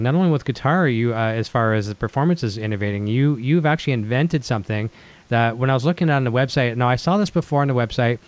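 Man, host, casual interview, quick pace, rambling, dry close sound. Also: mid-range voice, no room sound. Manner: rambling, friendly with many fillers. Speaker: livestream show host.

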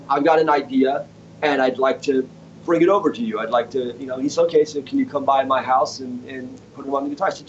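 A man's voice: medium pitch, lo-fi sound, a little hiss or hum. A man, a guitarist and inventor, telling a story as a guest in a casual interview, acting out the other people's lines as he goes. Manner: animated storyteller acting out quoted voices. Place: home studio.

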